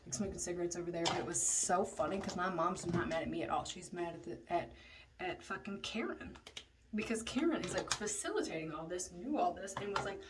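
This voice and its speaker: Profane chatty woman telling a story. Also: fairly low pitch. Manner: chatty, profane, drops into whispers for asides. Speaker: vlogger. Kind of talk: casual storytime. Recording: slightly distant mic, faint noise.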